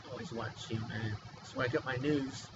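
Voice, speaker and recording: A man's voice: medium pitch, steady tone, fairly quick. A man talking to camera in a rambling, agitated, pleading way, full of restarts and fillers, in a personal vlog. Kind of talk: emotional personal monologue. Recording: dull lo-fi sound with clear background hiss.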